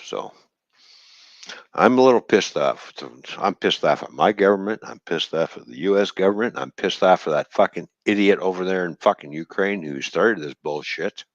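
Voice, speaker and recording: Low-voiced man ranting angrily on stream. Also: expressive, normal speed, dry recording, dull audio. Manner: profane, bitter, heated. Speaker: livestream host. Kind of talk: angry livestream rant.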